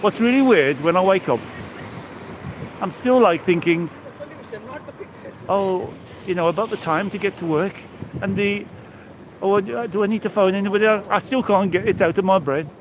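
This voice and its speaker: This high-voiced English vlogger, a man in his sixties, speaks at a normal speed but leaves long pauses. He's streaming live while strolling by the sea, greeting viewers by name as he chats, with a faint hiss or hum audible.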